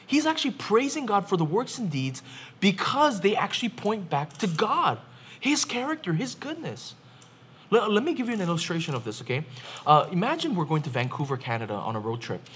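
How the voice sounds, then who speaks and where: A man's voice: sits high, fairly bright tone. A male pastor delivers a sermon in an emphatic, driving manner. He repeats phrases for weight and presses his listeners with rhetorical questions. A faint hiss of noise sits under his voice.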